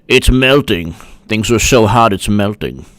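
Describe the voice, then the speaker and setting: A man's voice: on the low side, animated, unhurried, a bit bright, dry recording, pitched below the performer's own voice. A man doing an impression of a rambling elderly male president who drawls and ends his lines with "man". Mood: wheedling.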